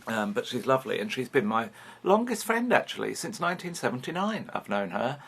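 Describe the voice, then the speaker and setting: Very animated and brisk, this British vlogger in his fifties has a mid-range voice that's gravelly, a bit bright and slightly rough. He rambles candidly about his life, swearing casually throughout.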